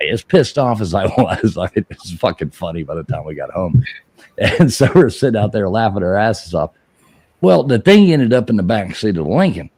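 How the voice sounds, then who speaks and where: Deep-voiced man telling a profane rambling story. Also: no echo. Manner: rambling, profane, laughs mid-story, shouts quoted lines. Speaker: show host telling a story. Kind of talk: casual live-stream storytelling.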